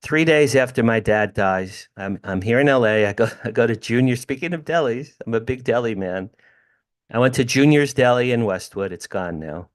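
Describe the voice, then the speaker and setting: A man's voice: medium pitch, normal speed. A man in his sixties from New Jersey, a podcast guest telling an emphatic story from his home over a video call. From New Jersey, USA. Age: 60s. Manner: animated, emphatic storyteller who addresses the host by name. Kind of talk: storytelling in an interview. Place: home room with drums.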